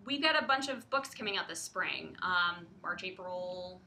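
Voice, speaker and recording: A woman's voice: lowish voice, expressive, a little slow, sharp tone, slight background noise. A young woman co-hosting a casual livestream chat, giggly and full of likes and ums. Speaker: publisher livestream co-host. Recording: echoey room.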